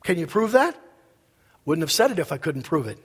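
A man's voice: sing-song, a little fast, breathy edge. Male pastor preaching with emphasis, in a reverberant sanctuary. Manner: emphatic preaching, swinging between loud peaks and low asides. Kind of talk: sermon.

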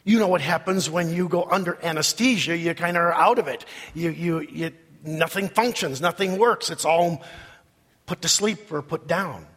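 A man preaching a sermon as pastor, leading the congregation in slow, emphatic repetition in a church sanctuary. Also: on the high side, fairly bright tone, breathy edge. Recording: long reverb of a large hall.

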